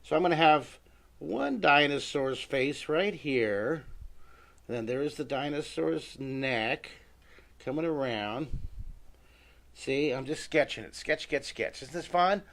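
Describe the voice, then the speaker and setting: A middle-aged man teaches a live drawing lesson in a somewhat high, gravelly, slightly bright voice, speaking slowly. He's chatty, greets viewers by name, and talks himself through each sketch as he works.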